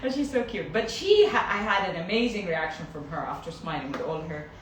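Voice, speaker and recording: A woman pediatric dentist chatting casually with a colleague, animated and laughing often as she acts out her young patients. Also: fairly low pitch, brisk, noisy background. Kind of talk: casual chat. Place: dental clinic. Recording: echoey room, far from the mic.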